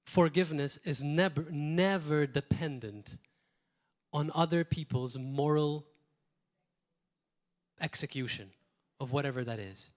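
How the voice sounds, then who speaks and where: Preaching in a church, a pastor from Malta speaks earnestly with a voice on the high side, unhurried and with long pauses. He asks rhetorical questions and shifts from loud emphasis to quiet asides.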